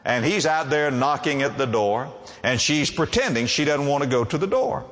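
Emphatic preacher with a lively voice. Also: male voice, a little high, moderate pace, in a large hall. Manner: emphatic, asks the congregation rhetorical questions. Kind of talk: sermon.

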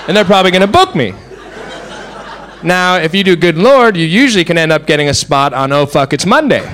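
Male comedian, high and very lively, animated storytelling on stage, clear noise behind him. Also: fairly quick. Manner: animated, imitates sounds with high-pitched vocal noises. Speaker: stand-up comedian. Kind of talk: stand-up observational comedy. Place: comedy stage with live audience.

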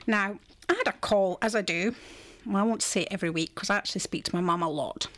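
A woman's voice: medium pitch, quick pace, a bit bright. A middle-aged Scottish woman presenting a radio show, chatting casually and laughing as she tells a story. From Scotland.

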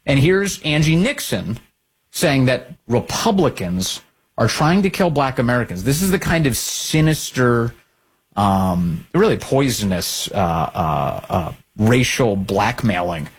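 Combative husky male talk host. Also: mid-range voice, unhurried. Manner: combative, sarcastic, lively intonation. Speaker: political talk show host. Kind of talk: opinionated commentary.

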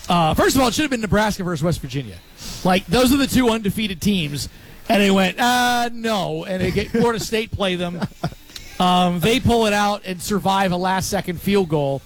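A man in his fifties from Pennsylvania, a sports radio host telling stories in casual talk with animated, quick asides. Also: sits high.

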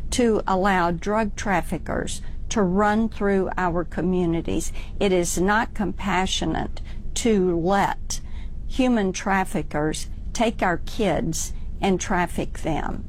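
A woman's voice: medium pitch, a little mellow, slight background noise, rough recording. A woman senator giving firm, emphatic answers in a televised interview.

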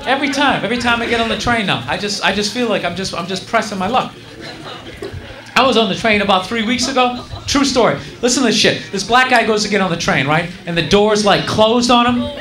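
Stand up guy, high voice, rambly and fed up, live club echo, crowd noise. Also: fairly quick. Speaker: stand-up comedian. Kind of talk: stand-up comedy routine. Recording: roomy live club recording with audience. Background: audience laughter.

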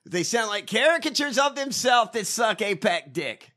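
A man hosts a casual chat in a brash, mocking and heavily profane way. His voice sits a little high and swings widely in pitch. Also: lively intonation, moderate pace, pushed and bright. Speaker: podcast host.

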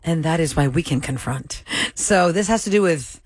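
A woman's voice: deep voice, animated, darkish tone, no echo. Brief: woman radio host, fifties, frank and chatty, dry studio sound. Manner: frank, chatty, quick asides. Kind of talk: casual radio talk. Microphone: studio microphone.

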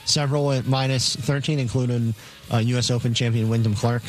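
A man's voice: medium pitch, fairly even intonation, brisk. A man co-hosting a sports radio show, reading betting lines in a matter-of-fact way with fillers.

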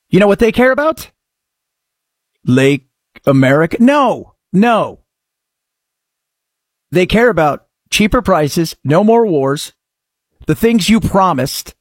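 Middle-aged male radio host, high and lively, sarcastic, dry booth sound. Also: husky, dry recording. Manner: sarcastic, animated, swings between mutters and outbursts. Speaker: radio talk-show host. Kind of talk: opinionated talk radio monologue.

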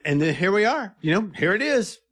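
A man with a notably high speaking voice tells stories in a relaxed interview. He is eager and animated, and he often slips into quoting what other people said. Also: fairly quick. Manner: animated, eager storyteller who quotes others. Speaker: filmmaker guest. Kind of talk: casual interview storytelling.

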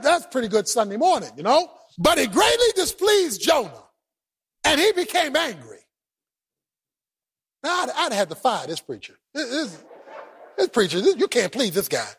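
Preacher, high and husky, big swings in pitch, loud colloquial delivery. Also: male voice. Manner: exclaiming, colloquial, acts out the scripture, often shouts. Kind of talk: animated sermon.

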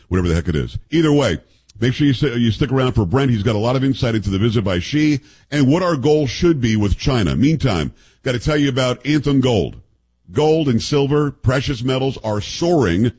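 Combative male talk radio host, husky. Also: mid-range voice, darkish tone. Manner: combative, mocking, emphatic.

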